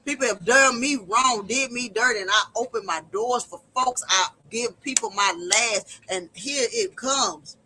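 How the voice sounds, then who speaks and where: A woman's voice: on the high side, unhurried, few pauses, pushed and bright, rough recording. A woman speaks straight to her stream audience in an emotional, sermon-like testimony, her voice tense and cutting. Her delivery is heartfelt and preacherly. A faint hiss of noise sits behind her. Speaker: livestream host. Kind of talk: personal testimony livestream.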